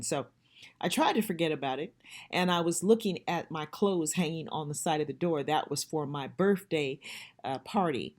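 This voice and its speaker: A woman's voice: sits low, moderate pace. A middle-aged woman sharing a personal faith testimony, earnest and emphatic as she speaks straight to her listeners.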